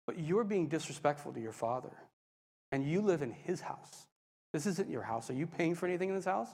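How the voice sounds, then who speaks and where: Man doing God, calm, patient, soft-spoken, gently firm, fatherly. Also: on the high side, fairly quick, big-room sound.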